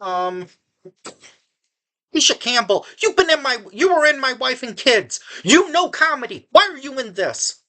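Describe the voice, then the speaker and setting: A woman's voice: high voice, big pitch swings, a little slow, pushed and bright. Sarcastic, rambling woman reviewing a movie. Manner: sarcastic and exasperated; rambling, with frequent restarts. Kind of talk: casual spoken movie review.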